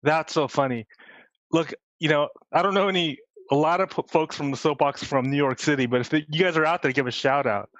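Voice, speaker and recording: A man's voice: fairly high pitch, brisk, a bit bright, no echo, muffled recording. A man hosting a casual interview, chatty and upbeat as he prompts his guest. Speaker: interview host.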